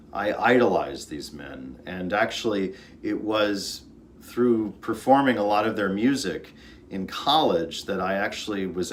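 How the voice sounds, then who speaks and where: A man's voice: deep voice, a little hiss or hum. A man, an orchestra conductor, giving an earnest informal talk about music, storytelling with fillers and restarts.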